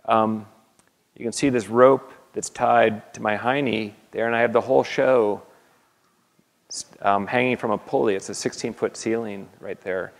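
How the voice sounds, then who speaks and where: A man, an artist, talking an audience through his slides in a halting way, with many fillers and restarts. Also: lowish voice, steady tone, vocal fry. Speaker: artist giving a lecture. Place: university lecture hall. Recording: long reverb of a lecture hall.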